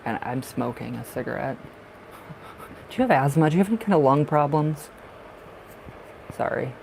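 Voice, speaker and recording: A chatty man with a raspy, gravelly smoker's voice talks his way through a live tarot reading stream. His pitch sits in an ordinary middle range, and now and then he sounds short of breath. A faint background noise runs under the recording. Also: animated, normal speed, darkish tone, low-quality recording. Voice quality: raspy from smoking. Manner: rambling, chatty, laughs often. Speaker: livestream tarot reader. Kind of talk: casual livestream chat.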